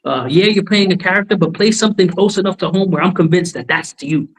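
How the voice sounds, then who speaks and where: A man's voice: sits high, fast, rough recording. A man on a podcast speaking emphatically and repeating his points. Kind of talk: casual podcast chat.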